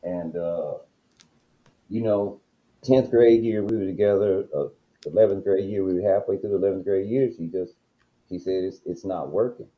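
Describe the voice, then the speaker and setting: A man's voice: deep voice, moderate pace, muffled recording. A man talking directly about his own past in a casual livestream chat, using himself as the example. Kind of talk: casual personal storytelling. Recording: echoey room.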